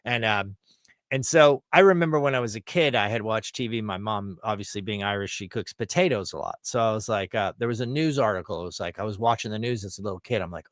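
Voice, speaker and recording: A man's voice: lowish voice, quick pace, dry recording, studio quality. A man hosting a livestream, chatting casually between clips in a loose, rambling, profane way. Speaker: livestream host. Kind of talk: casual chat.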